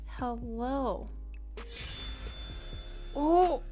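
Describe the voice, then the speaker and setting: Speaking extremely slowly in a high, warm voice, a woman chats casually on her art livestream. She's bubbly and giggly while welcoming viewers, with faint background music behind her.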